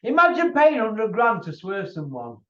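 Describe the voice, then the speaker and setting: A man's voice: high-pitched, huge pitch swings, unhurried. Ranting man, roomy lo-fi sound. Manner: combative, repetitive taunting. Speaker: channel host. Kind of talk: ranting monologue to camera. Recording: roomy, distant, dull lo-fi sound.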